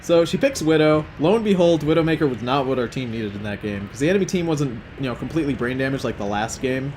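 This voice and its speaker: Young male let's-play host, rambling and profane, mid pitch, faint background noise. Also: lively intonation, quick pace, darkish tone. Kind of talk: casual gameplay commentary and storytelling.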